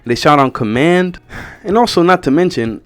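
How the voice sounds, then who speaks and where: A man giving blunt, sarcastic commentary as a film reviewer, talking casually and with clear exasperation. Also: fairly high pitch, lively intonation, moderate pace, fairly bright tone, no echo.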